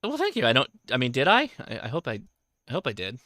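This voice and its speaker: A man hosting a casual livestream, talking in a halting way and often correcting himself. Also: mid-range voice, wildly swooping pitch, pushed and bright, no room sound, studio quality. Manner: halting, self-correcting, reads viewer questions aloud. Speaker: host.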